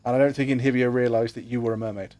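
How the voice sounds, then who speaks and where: A warm, mid-range voice with fairly even intonation races along as the man streams a video game. He chats casually, jokes with his friends, and mutters to himself throughout play.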